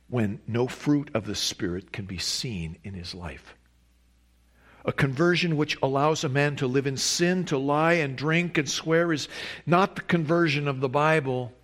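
A man's voice: mid-range voice, a bit bright. A man preaching a sermon, reading a long quotation and stressing key words with emphatic rises. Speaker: pastor.

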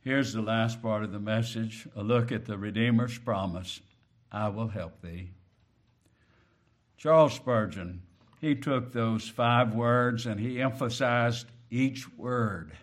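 Delivering a sermon, this man keeps a slow, considered rhythm, swinging between subdued low tones and emphatic loud peaks on key terms.

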